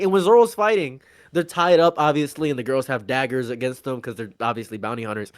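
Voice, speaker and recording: A man chatting casually as a co-host, excitable and laughing, acting out characters' lines as he retells a scene. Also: medium pitch, fairly quick, dry recording, clean studio sound. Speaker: podcast co-host.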